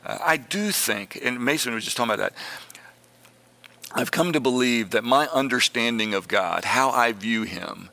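A man sharing personal reflections in a casual Bible study conversation, speaking haltingly and reflectively. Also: medium pitch, lively intonation, vocal fry, sharp tone. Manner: halting, reflective, with frequent restarts. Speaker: discussion participant.

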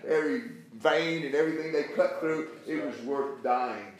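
A man's voice: on the high side, normal speed. A man preaching and teaching from the Bible on a talk show, emphatic and repetitive in a preacherly cadence. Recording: echoey room.

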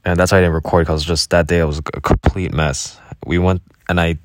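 Young man, very low voice, rambling travel vlog, dry close sound, lots of ums and self-corrections. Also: level tone, a little fast, no room sound. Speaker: travel vlogger. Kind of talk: casual spoken travel diary.

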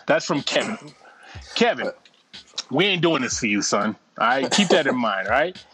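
A man's voice: medium pitch, sing-song, normal speed, crowd noise. A man co-hosting a casual podcast, reading out listener emails with profane, rambling banter and frequent laughter. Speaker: podcast co-host.

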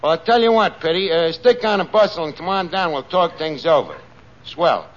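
An actor playing a scheming, wisecracking tavern manager in a 1940s radio comedy. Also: male voice, on the high side, lightly acted. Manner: fast-talking, lively wisecracks. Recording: muffled old radio broadcast with hiss.

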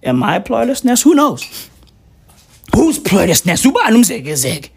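A man ranting casually and profanely, rambling and excitable, with sudden shouts. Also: high-pitched, normal speed, creaky, breathy edge.

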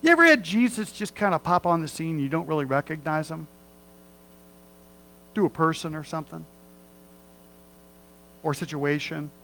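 Pastor, man, middle-aged, folksy conversational sermon, slightly raised pitch, light mains hum on the recording. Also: animated, moderate pace, long pauses, sharp tone, poor audio. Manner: folksy, conversational preaching with asides and humor.

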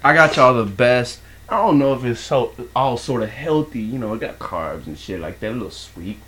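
A young man from Texas with a Texan accent, chatting casually on a podcast and telling stories with lively put-on voices. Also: normal speed. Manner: animated storyteller, jumps high to act out others. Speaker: podcast co-host. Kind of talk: casual chat.

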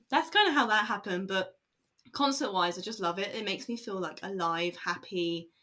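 Speaking at a moderate pace, a woman with a medium-pitched, sharp-toned voice talks casually in an interview, rambling with plenty of fillers and laughter.

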